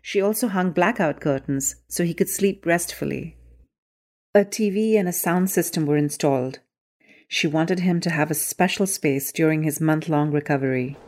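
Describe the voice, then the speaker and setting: A woman narrating her own short story in an even, clear storytelling manner. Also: low-pitched, moderate pace. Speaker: story author and reader. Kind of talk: scripted narration.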